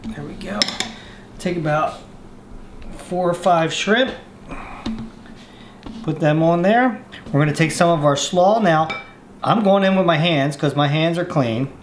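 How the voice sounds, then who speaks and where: A man hosting a casual cooking show outdoors, walking through a recipe step by step in a relaxed way. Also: on the high side, a little slow, pauses often, reverberant, a little hiss or hum. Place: outdoors, windy.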